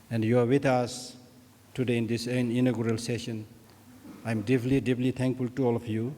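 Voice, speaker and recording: Dark-voiced man speaking in an echoing hall. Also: mid-range voice. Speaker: Buddhist scholar giving an opening address. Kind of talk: formal ceremonial speech. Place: conference hall. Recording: long reverb of a large hall.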